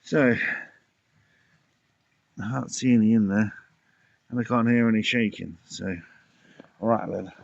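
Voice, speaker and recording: Man, slow unhurried DIY vlogger, winded; dry, close sound. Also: on the low side, fairly even intonation, gravelly, darkish tone, no echo, muffled recording. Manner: muttering, self-talking while working. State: out of breath. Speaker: pond keeper vlogger. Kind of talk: casual DIY vlog commentary. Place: outdoors by a garden pond.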